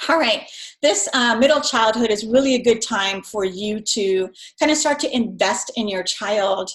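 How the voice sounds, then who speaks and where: A woman's voice: fairly high pitch, normal speed. A middle-aged woman giving a casual, chatty recorded lecture to her students over slides, with many fillers. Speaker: instructor.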